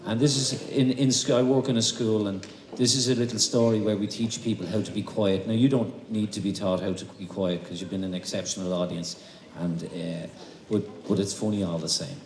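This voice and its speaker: Chatty Irish compere in an echoey hall. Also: male voice, fairly low pitch, steady tone, fairly quick, a little mellow. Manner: chatty, jokey. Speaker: concert host. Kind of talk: stage hosting and joke telling. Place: concert hall on stage. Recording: echoey hall, faint noise.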